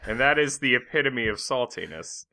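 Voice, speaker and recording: A man co-hosting a casual podcast chat, teasing the others in a relaxed way. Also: mid-range voice, moderate pace, vocal fry. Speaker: podcast co-host.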